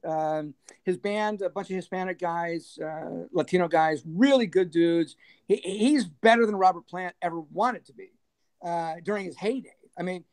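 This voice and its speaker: A middle-aged man, a former band manager, telling lively anecdotes in a casual interview and laughing as he goes. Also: high voice. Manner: animated anecdotes, laughing, acting out others' voices.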